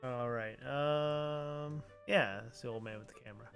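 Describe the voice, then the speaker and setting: A man casually commenting as he plays a video game, with low-key, mumbled asides. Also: unhurried, fairly bright tone, faint music behind. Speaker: let's play host.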